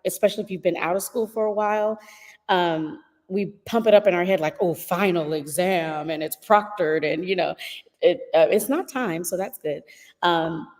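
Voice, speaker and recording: A woman's voice: fairly low pitch, moderate pace, a little mellow, in a large hall. A woman in her thirties, a guest in a casual interview, chatty with frequent laughs and fillers.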